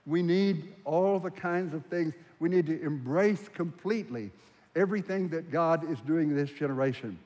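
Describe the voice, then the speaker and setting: A man's voice: on the high side, normal speed, a little mellow. A man preaching a sermon, earnest and emphatic, stretching out the phrases he stresses. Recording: long hall reverb.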